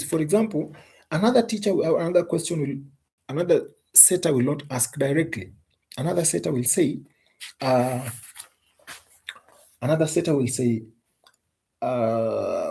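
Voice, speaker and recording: A man teaches an exam tutorial in a low, mellow voice with a husky edge. He speaks emphatically, repeats key points and poses rhetorical questions to his students. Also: lively intonation, normal speed, pauses often. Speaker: English teacher.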